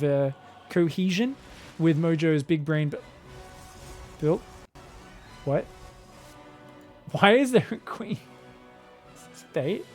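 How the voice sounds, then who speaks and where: High-voiced excitable male game caster. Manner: excitable, joking, laughs often. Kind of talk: casual replay commentary.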